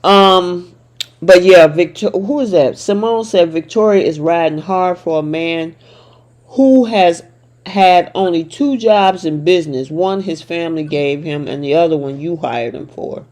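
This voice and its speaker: A woman's voice: on the low side, a little slow, darkish tone. A woman hosting a casual soap opera recap chat, talking playfully and laughing often. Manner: chatty and laughing, with playful asides.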